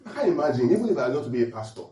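A man's voice: mid-range voice, racing, reverberant, recorded from a distance, poor audio. A man preaching a humorous sermon, laughing often and checking in with his listeners. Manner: animated, laughing often, asks the audience questions.

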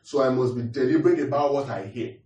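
A man's voice: medium pitch, fast, a little mellow. Man, preacher, sermon, repeats points, quizzes congregation, echoey room, distant mic. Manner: repeats points, asks the audience questions. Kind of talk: sermon teaching. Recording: roomy echo, distant mic.

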